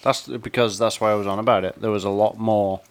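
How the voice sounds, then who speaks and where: A man's voice: fairly low pitch, fairly even intonation, brisk. Man, podcast co-host, laid-back, wry remarks. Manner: easygoing, wry. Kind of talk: casual chat.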